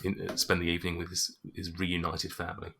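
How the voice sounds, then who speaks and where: A man's voice: sits low, completely flat delivery, fast talker, vocal fry, noisy background. A man narrating as game master of a tabletop game, rambling, with many fillers. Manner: rambling, full of 'like' and 'um'.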